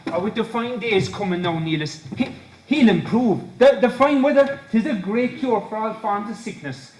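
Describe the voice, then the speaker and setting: An actor playing a polite, gentle Irish countryman who stammers and apologizes, on stage. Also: sits high, moderate pace, lightly acted. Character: kindly, polite wandering young countryman. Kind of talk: amateur stage play. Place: stage in a hall. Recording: echoey hall from far off.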